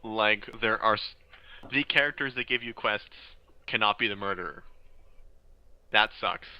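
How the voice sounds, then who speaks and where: A young man, a guest on a casual podcast, telling animated stories and laughing often. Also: lowish voice, moderate pace, clear, resonant tone, muffled recording.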